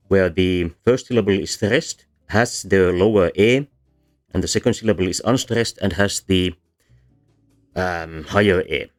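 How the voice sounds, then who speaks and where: Very low-voiced man lecturing on phonetics. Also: a little slow, faint music behind. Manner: explains patiently with many ums and uhs, demonstrates vowel sounds. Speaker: VTuber linguistics presenter. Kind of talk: livestreamed lecture.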